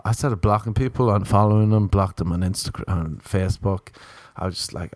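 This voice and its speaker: A man's voice: lowish voice, steady tone, a little fast, darkish tone, dry recording. A young Irish man in a casual comedic rant, swearing a lot, mocking himself and acting out other people's voices. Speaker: comedic monologuist.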